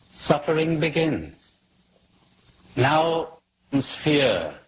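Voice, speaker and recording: A man's voice: fairly high pitch, slight background noise, poor audio. A man giving a reflective spiritual talk to an audience, asking questions and telling jokes. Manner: asks questions, tells jokes with acted quotes. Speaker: spiritual speaker.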